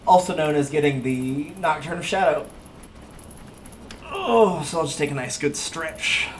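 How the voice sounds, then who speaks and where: A man's voice: on the high side, lively intonation, a little slow, slight background noise. A man giving casual gameplay commentary on a livestream, chatty and wry, joking as he plays.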